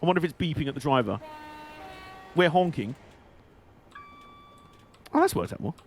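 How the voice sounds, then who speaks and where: A man with a fairly high voice talks through a live game stream. He rambles from one aside to the next in an easy, chatty way and laughs often. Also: animated, moderate pace, slight background noise. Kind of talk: casual live-stream commentary.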